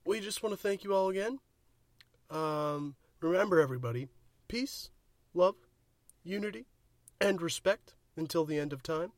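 A man's voice: sits high, normal speed, pauses often, no echo. A man co-hosting a podcast, chatting casually and cracking jokes about a movie. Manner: animated, jokey. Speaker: podcast co-host. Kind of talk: casual movie review chat.

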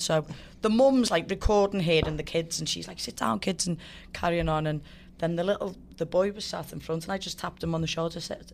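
Animated woman telling a story. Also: fairly low pitch, fairly quick, vocal fry, a little hiss or hum. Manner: animated, swears freely, acts out quotes. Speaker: guest fighter. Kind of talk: casual storytelling.

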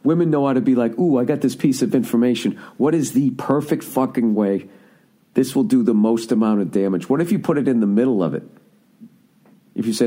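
A man's voice: medium pitch, a little fast, dark tone. A middle-aged man hosting a podcast, riffing through a profane, comic monologue and often stopping to correct himself. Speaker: podcast host. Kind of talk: rambling comedic monologue.

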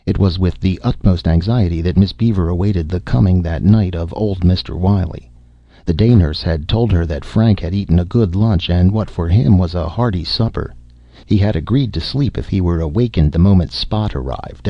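A man narrating an audiobook in an even, measured reading. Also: low-pitched, no echo, highs cut off.

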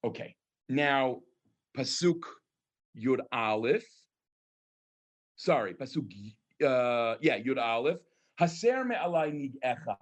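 A man, a rabbi, teaching a class on scripture, reading verses aloud and translating them, with frequent pauses and ums. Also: mid-range voice, lively intonation. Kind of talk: lecture on scripture.

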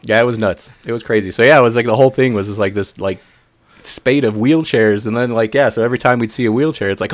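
A man co-hosting a podcast, telling stories in a rambling, excitable way with lots of fillers. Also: mid-range voice, fast talker, dry recording. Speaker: podcast co-host. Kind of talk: casual chat, storytelling.

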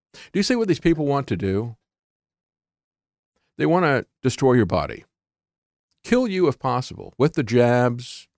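Emphatic male talk host, lively delivery. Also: mid-range voice, dry recording, clean studio sound. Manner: emphatic, sarcastic interjections. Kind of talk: opinionated commentary.

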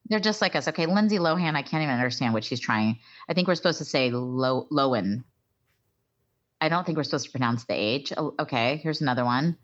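A woman co-hosting a podcast in casual, animated, jokey chat. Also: sits low, fast talker, hardly any pauses. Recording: dull lo-fi sound.

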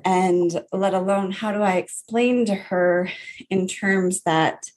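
A woman in her thirties, a grief coach, earnestly telling her personal story in an interview, with soft laughs. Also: medium pitch, fairly even intonation, takes it slowly.

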